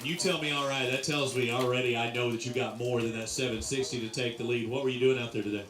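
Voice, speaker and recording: A man's voice: medium pitch, steady tone, fast, a crowd in the background. A man emceeing a fishing weigh-in, chatty and upbeat as he interviews anglers. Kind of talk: live weigh-in announcing. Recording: roomy sound picked up from a distance.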